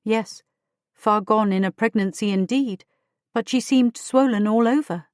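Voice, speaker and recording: A woman giving a measured first-person audiobook narration. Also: medium pitch, darkish tone, no room sound, clean studio sound. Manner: measured, storytelling.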